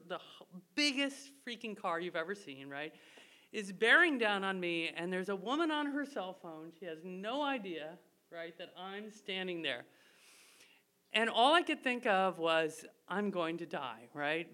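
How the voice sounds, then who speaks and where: A woman's voice: medium pitch, sharp tone. A woman telling a funny personal story live on stage, chatty and self-mocking, laughing as she goes. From Irish family. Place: live stage show before an audience.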